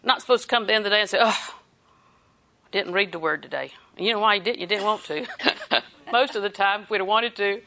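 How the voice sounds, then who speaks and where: Bright-voiced older woman preacher. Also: mid-range voice, steady tone, fast. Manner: folksy, chatty, laughs often. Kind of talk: sermon.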